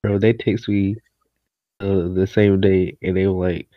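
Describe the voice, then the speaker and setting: A man's voice: deep voice, level tone, a little slow, highs cut off, slight background noise. A young man talking casually on a podcast in a laid-back, drawling way. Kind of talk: casual chat.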